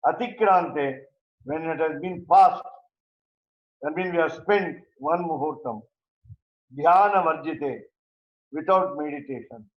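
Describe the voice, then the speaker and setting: A man teaching a verse-by-verse scripture class, speaking haltingly with many pauses and fillers. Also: fairly high pitch. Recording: roomy, dull lo-fi recording.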